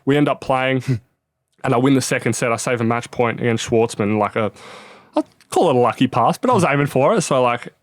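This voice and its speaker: A man's voice: mid-range voice, animated, a little fast. A young Australian man talks in an easy middle register. He rambles through a story with plenty of "like" and casual swearing. The recording is close and dry, with no room echo. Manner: loose storytelling peppered with swearing and "like". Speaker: guest, professional tennis player. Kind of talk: casual podcast chat.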